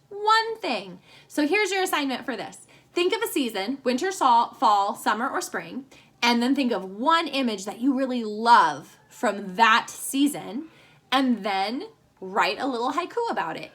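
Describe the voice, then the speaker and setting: A woman teacher giving a remote lesson to children, reading short poems slowly and with emphasis. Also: fairly high pitch, sharp tone.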